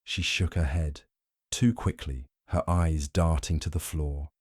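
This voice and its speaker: A man narrating a mystery audiobook in a measured, scripted storytelling style. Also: a bass voice, steady tone, no room sound, clean studio sound.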